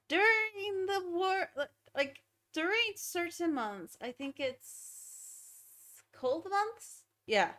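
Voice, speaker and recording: A woman's voice: extremely high pitch, animated, slow, fairly bright tone. A young woman streamer chatting casually and giggling as she talks to her pets during a game stream.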